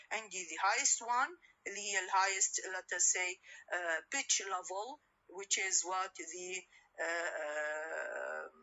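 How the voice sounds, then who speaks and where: Bright-voiced woman lecturing. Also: mid-range voice, poor audio. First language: Arabic. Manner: switches between English and Arabic, frequent fillers and questions to students. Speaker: phonetics lecturer. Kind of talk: recorded university lecture.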